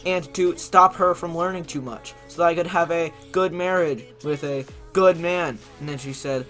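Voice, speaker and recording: A commentary YouTuber mocks internet posts he reads aloud, sounding sarcastic and incredulous and laughing often. His voice is a little high and a bit bright, fairly even in intonation, at normal speed with hardly any pauses, and faint background music is audible.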